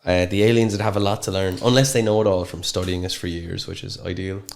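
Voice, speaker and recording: A man's voice: low voice, fairly even intonation, fast talker, vocal fry, darkish tone. A man with an Irish accent co-hosting a podcast, jokey and rambling in casual chat. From Ireland. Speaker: podcast co-host.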